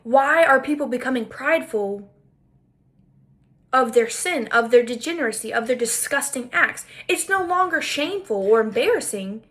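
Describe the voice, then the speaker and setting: High-voiced woman ranting through a story, repeats herself a lot for emphasis. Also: expressive, normal speed, fairly bright tone. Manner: indignant, emphatic, repetitive. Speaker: podcaster. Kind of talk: storytelling commentary monologue.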